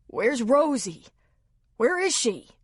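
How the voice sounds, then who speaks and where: A woman voicing a frightened, shaken grown man with a raspy voice, halting and pleading. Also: fairly high pitch, expressive, no echo, clean studio sound, pitched above the performer's own voice, full character voice.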